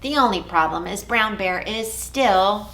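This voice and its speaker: A woman children's librarian leading a storytime for young children, talking in an expressive, sing-song way. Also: medium pitch, noisy background. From United States. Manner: sing-song, expressive, slow and clear for toddlers. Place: library or home room.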